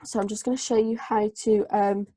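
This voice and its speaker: A woman tutor, running a live online group lesson and dictating analysis slowly with many fillers. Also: medium pitch, flat delivery, dark tone, dry recording. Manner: slow, hesitant dictation with many fillers while writing. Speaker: English tutor.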